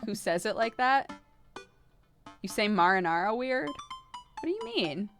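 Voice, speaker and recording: A young woman streaming a game in casual chat, animated, laughing often and swearing freely. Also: medium pitch, a little slow, music in the background. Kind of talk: casual live-stream chat while gaming.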